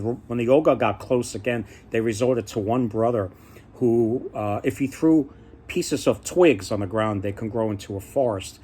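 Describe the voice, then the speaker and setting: A man retells folk tales in a loose, chatty way and stops often to restart his sentences. His voice sits at an ordinary middle pitch. He sounds easygoing and unscripted. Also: a little mellow, breathy edge. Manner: rambling, many fillers and restarts. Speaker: storyteller.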